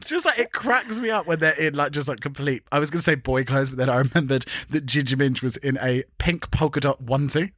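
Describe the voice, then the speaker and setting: A British man co-hosting a chatty podcast, camp and sarcastic, with quick bursts of mimicry. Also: a little high, fairly bright tone, no echo, clean studio sound. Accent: British English. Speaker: podcast co-host. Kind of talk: casual chat.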